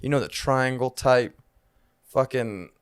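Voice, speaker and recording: A man's voice: mid-range voice, slow pace, a little hiss or hum. A man co-hosting a podcast, telling a rambling, profane story in casual chat. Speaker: podcast co-host.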